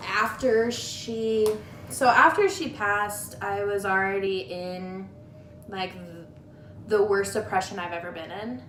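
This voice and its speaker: A woman's voice: mid-range voice, slow, a bit bright, slight background noise. A woman chatting candidly about a loss, rambling along and using "like" a lot, recorded on a tablet. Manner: candid, rambling, heavy use of "like". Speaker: guest friend. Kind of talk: casual chat about grief. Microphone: tablet camera. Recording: echoey room.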